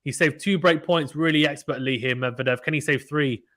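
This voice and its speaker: A man hosting a live tennis watchalong stream, calling play-by-play with animated reactions and reading chat messages. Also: on the high side. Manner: fast, animated play-by-play, reads chat aloud. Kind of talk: excited casual live commentary.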